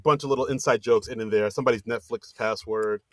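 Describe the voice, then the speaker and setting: A man co-hosts a podcast, casually recapping a movie at a fast clip and animatedly acting out bits of dialogue in a high voice. The recording has no echo.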